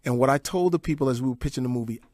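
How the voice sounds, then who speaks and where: A man in his forties, a guest telling animated stories on a radio show. He breaks into voices and impressions and laughs often. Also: medium pitch, rapid-fire, no room sound. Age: 40s. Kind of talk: animated storytelling on call-in radio.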